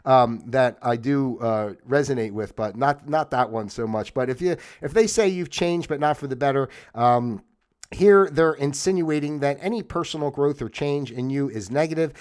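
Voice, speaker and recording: A man's voice: medium pitch, normal speed, a little mellow, smooth. A man hosting a livestream, talking through ideas in a rambling, reflective way with many fillers and restarts. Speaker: host. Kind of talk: casual livestream monologue.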